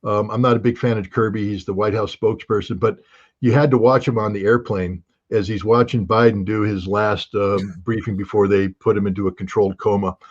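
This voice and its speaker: A man as a guest in casual political talk, animated, restarting often with many fillers. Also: on the low side, brisk, breathy edge, muffled recording.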